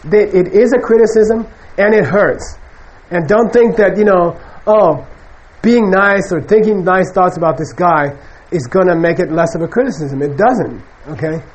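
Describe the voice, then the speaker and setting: A man giving a conversational Buddhist lecture, animated and acting out the people he quotes. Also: sits high, normal speed, few pauses, poor audio. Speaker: Buddhist teacher. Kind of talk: casual spoken dharma lecture.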